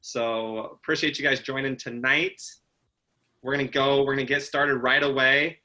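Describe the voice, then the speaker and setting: A man's voice: medium pitch, level tone, moderate pace, sharp tone. A man co-hosting a casual live-stream chat show, playful and fond of sing-song repetition. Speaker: co-host.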